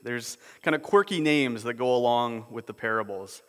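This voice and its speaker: A man preaching a sermon as a pastor, in a relaxed, conversational way, often repeating words as he restarts. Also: mid-range voice, normal speed. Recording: long hall reverb.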